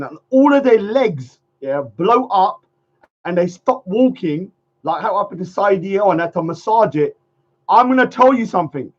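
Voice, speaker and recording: A man hosting a casual livestream chat, rambling, laughing often and trailing off mid-sentence. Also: sits high. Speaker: livestream host. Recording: dull lo-fi stream audio.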